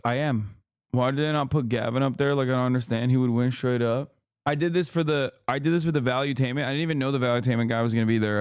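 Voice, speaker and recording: A man's voice: medium pitch, clean tone, no echo. Streamer guy in his 30s riffing and laughing, mid voice, dry mic. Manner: loose, joking, laughs often. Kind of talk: live reaction commentary.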